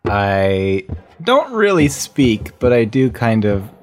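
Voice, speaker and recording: A man's voice: lowish voice, sing-song, slow, faint music behind. A man playing in a tabletop game, joking as he describes what his character does. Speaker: player. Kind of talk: casual tabletop play.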